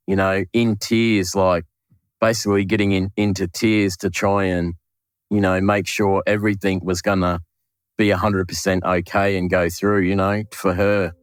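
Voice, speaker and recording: An Australian butcher recounting a late coworker in an emotional interview, with halting restarts and acted-out dialogue. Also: male voice, sits low, dry recording, studio quality. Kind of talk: interview recollection.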